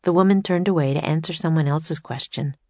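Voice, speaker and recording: A woman narrating a children's storybook in a clear storytelling manner. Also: low-pitched, brisk, a little mellow, no echo. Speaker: audiobook narrator.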